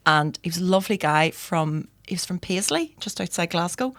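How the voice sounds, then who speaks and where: Lively woman, low voice. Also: moderate pace, dry recording. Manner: lively storyteller, acts out quoted voices. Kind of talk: casual podcast chat.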